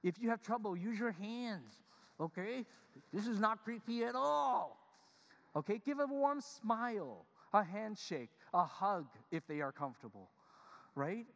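A male pastor giving a humorous, animated sermon, speaking directly to his congregation. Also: high-pitched, a little slow, creaky. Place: church sanctuary. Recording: long reverb of a large church hall.

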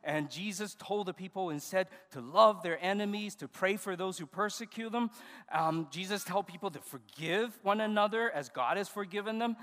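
A man pastor leading a children's service, giving animated, coaxing instructions to the kids. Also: high voice, moderate pace. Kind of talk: children's sermon with puppet skit. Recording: reverberant church hall.

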